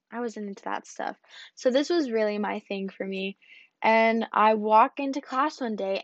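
A teenage girl giving a lively personal storytelling talk, acting out the dialogue and using "like" a lot. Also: fairly high pitch, no echo. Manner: animated, acts out dialogue, many fillers like "like". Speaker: speaker sharing a personal story. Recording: dull lo-fi dry recording.

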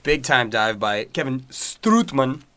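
A man co-hosting a casual soccer podcast, telling animated stories and swearing casually. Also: mid-range voice, takes it slowly, a little hiss or hum. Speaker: podcast co-host. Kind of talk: casual chat.

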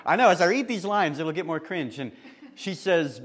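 A man preaching a sermon in church, chatty and lively, with laughing asides. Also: on the high side, normal speed, breathy edge.

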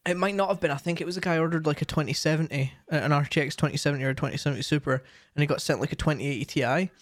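A man's voice: a little high, racing, dry recording, studio quality. A young man chatting casually as a streamer, rambling with lots of fillers and restarts. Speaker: streamer and co-host. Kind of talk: casual chat.

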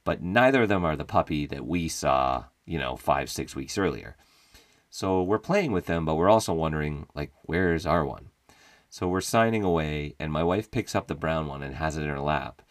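A man's voice: rumbling low, expressive, moderate pace, no echo, studio quality. A young adult man casually telling a profane, wry comedic story about his own mishap, laughing as he goes. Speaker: podcast host telling a personal story.

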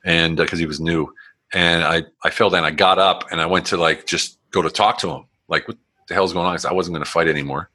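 A man's voice: low-pitched, fairly even intonation, brisk, sharp tone. A man in his forties, a guest telling his life story in casual, blunt, rambling talk with plenty of swearing and acted-out quotes. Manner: frequent restarts and fillers, acts out quotes.

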